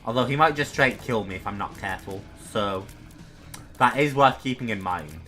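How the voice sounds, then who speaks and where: A young man with a bright, forceful voice talks through his game in a relaxed, chatty way, coaching himself and poking fun at his own mistakes. Soft music plays faintly underneath. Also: on the low side, moderate pace. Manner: chatty, self-deprecating, talks to himself while playing. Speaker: gaming streamer. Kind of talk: casual gameplay commentary.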